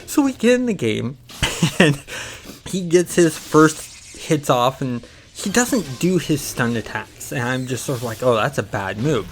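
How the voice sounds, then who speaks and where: A man's voice: fairly high pitch, very animated, measured pace, a little hiss or hum, rough recording. A man hosting a gaming channel, casually telling a story in a rambling way, acting out the quotes.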